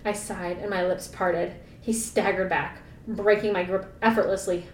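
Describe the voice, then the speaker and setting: A woman's voice: fairly even intonation, normal speed, hardly any pauses, darkish tone. Woman reading aloud in an echoey room. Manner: playful, laughing, sarcastic asides. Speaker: podcast co-host reading aloud. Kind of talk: reading a novel aloud with joking asides. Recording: echoey room, mic at a distance, faint rumble.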